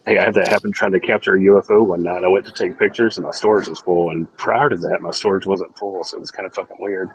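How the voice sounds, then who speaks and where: A man's voice: low-pitched, steady tone, fast, hardly any pauses, husky, no room sound, dull audio. A man hosting a casual online group voice chat, rambling and swearing freely. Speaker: host.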